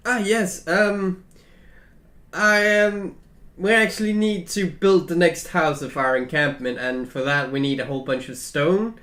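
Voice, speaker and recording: A man's voice: high voice, steady tone, a little slow, bright, forceful tone, roomy sound, pitched above the performer's own voice. A man voicing a rambling camp leader. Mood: earnest. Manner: earnest, rambling with many fillers. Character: male encampment leader, former scout.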